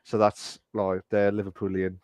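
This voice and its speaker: A man's voice: deep voice, completely flat delivery, moderate pace, darkish tone, clear, resonant tone, dry recording, studio quality. Teasing man. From English Midlands. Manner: teasing, quizzing the other host on pronunciation. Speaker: podcast co-host. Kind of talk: casual chat.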